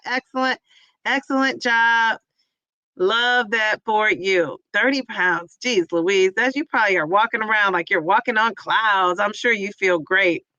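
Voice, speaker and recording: This woman has a bright, forceful voice that sits a little high. She hosts a casual livestream and talks in a chatty, rambling way with lots of fillers. She cheers on her viewers effusively, and the sound is close and dry. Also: no room sound, low-quality recording. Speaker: livestream host reading viewer chat. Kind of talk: casual live chat.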